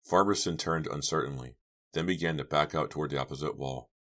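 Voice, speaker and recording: A man narrating a horror novel audiobook in a measured, steady reading. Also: extremely low pitch. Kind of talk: scripted narration.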